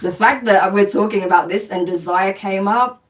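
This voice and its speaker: A woman's voice: medium pitch, moderate pace. A woman hosting a spiritual live stream, chatting casually as she reads out comments, blunt and dismissive, swearing and laughing often. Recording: distant mic with faint background noise.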